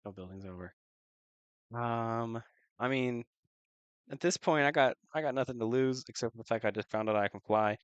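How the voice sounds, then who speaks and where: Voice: mid-range voice, normal speed, pauses often, clean tone, no room sound, highs cut off. A player in a tabletop game, thinking aloud with frequent laughs and hesitant restarts.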